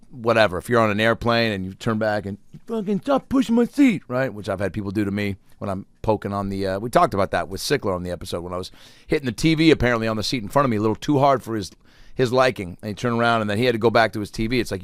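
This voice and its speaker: A man's voice: fairly low pitch, fairly bright tone, clean tone, no room sound, clean studio sound. A man in his thirties hosting a solo comedy podcast, telling rambling, profane stories and acting out the people in them. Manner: rambling, profane storytelling with acted-out quotes.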